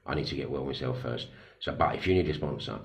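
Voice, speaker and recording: A middle-aged man, a recovering addict speaking candidly in a personal vlog, blunt and self-deprecating, telling a story slowly with pauses. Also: rumbling low, gravelly.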